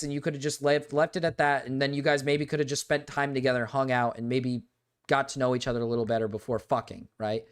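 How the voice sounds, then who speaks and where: A man's voice: fairly high pitch, fairly even intonation, fast talker. A young man hosting a live stream, talking casually in a rambling, exasperated way, full of "like" and repeated words. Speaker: livestream host.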